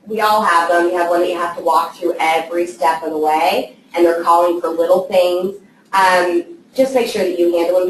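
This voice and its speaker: A woman giving a casual training talk to a live group of assistants, checking in with them often. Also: fairly low pitch. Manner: conversational, checks in with "okay?". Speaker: trainer for real estate assistants. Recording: echoey room, voice from far off, faint noise.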